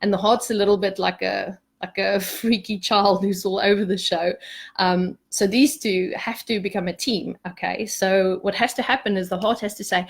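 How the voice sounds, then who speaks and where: A woman leading a spiritual group in a chatty, animated way, often asking "okay?", later turning soft and hushed for a meditation. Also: mid-range voice, moderate pace. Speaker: spiritual coach. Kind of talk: casual spiritual talk to a group.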